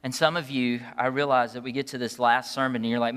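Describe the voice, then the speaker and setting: A man preaching a sermon as a pastor, earnest and pleading, moving between quiet, soft passages and impassioned ones. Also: mid-range voice, level tone, quick pace, few pauses, clean tone.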